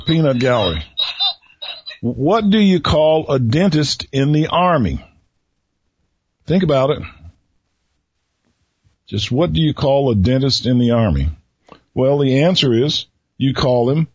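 A man hosting his own radio show, telling riddles to listeners in a slow, folksy, teasing way. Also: mid-range voice, expressive, lo-fi sound, a little hiss or hum. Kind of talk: solo radio talk with riddles.

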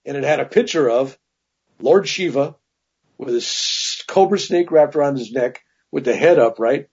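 A man's voice: mid-range voice, normal speed, breathy edge, highs cut off. A man telling long personal stories as a guest in a casual interview, with many asides. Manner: rambling, animated anecdotes with many "right?" asides.

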